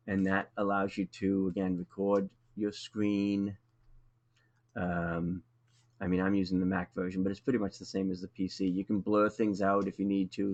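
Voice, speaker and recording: A man's voice: sits low, gravelly, highs cut off. Man with a Boston accent teaching a webinar. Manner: relaxed, conversational, frequent ums. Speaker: webinar presenter. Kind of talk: live webinar tutorial.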